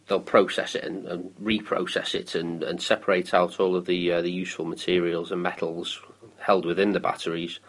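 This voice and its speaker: In poor-quality audio, a low-voiced man from the UK in his thirties chats on local radio about council recycling. His talk is casual and full of ums and restarts.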